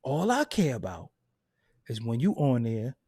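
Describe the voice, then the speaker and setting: A man hosting a hip hop commentary channel, delivering a loud, profane, unfiltered rant and laughing at his own points. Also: medium pitch, very animated, unhurried, slightly rough. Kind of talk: unfiltered ranting monologue.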